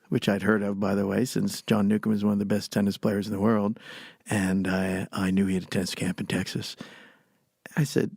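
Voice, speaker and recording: A man's voice: lowish voice, completely flat delivery, fairly quick, vocal fry, darkish tone, slightly rough, no echo, clean studio sound. A man in his sixties from Pennsylvania, a podcast guest telling rambling anecdotes with frequent chuckles. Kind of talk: casual storytelling.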